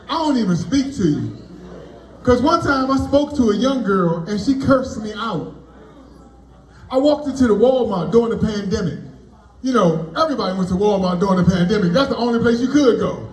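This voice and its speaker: A man performing stand-up comedy at a party, delivering loud, animated punchlines and bantering with the crowd. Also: sits high, reverberant, poor audio. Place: party venue, indoors.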